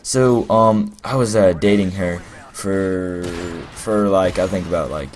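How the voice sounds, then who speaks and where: A man's voice: deep voice, a little slow, slight background noise. A young man telling a rambling, playful story as casual gameplay commentary, full of fillers. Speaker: gaming commentator.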